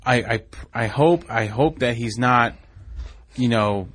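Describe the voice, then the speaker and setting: A man co-hosting a casual wrestling podcast, talking in an excitable way, jumping in often and laughing easily. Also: mid-range voice, takes it slowly. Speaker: podcast co-host.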